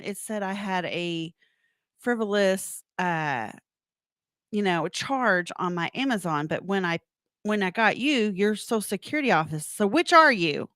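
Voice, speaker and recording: A woman co-hosting a radio show, telling a story in casual chat with lively delivery and frequent laughter. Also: mid-range voice, a little slow, dry recording, studio quality. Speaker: radio co-host. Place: radio studio. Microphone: studio microphone.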